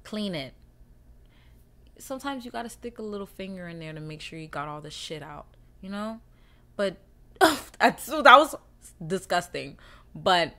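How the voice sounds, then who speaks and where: A woman's voice: fairly low pitch, a bit bright. A young woman hosting her own podcast, talking candidly and casually to her listeners with heavy cursing. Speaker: podcast host. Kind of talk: casual solo monologue.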